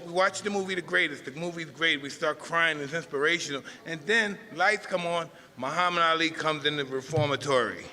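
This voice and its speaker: Give me a fifties man telling a live story in a slightly high voice, with reverb from a large hall. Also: pushed and bright. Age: 50s. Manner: rambling, emotional, self-interrupting.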